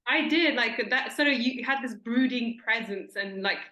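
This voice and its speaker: A woman's voice: on the high side, normal speed, pushed and bright, reverberant. A woman hosting an interview, talking in an enthusiastic, chatty way with many fillers and restarts. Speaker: interviewer host. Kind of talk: casual interview.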